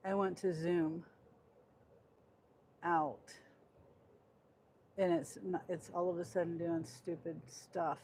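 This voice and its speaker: A woman's voice: lowish voice, steady tone, a little slow, pauses often, a little mellow, slight background noise. A woman vlogging casually from her car about her delivery gig, muttering to herself with frustrated asides. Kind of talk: casual talking while driving.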